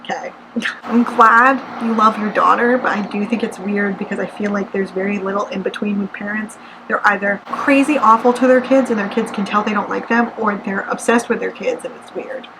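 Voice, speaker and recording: A woman's voice: medium pitch, steady tone, moderate pace. Sarcastic woman book reviewer. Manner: sarcastic, laughing asides. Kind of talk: casual rant review. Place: apartment. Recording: loud air-conditioner hum behind.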